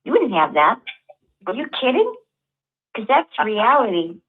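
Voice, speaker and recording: A woman calls in and speaks with animated indignation. She sounds far off, heard through a tinny phone line. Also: on the high side, measured pace, breathy edge. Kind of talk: call-in comment.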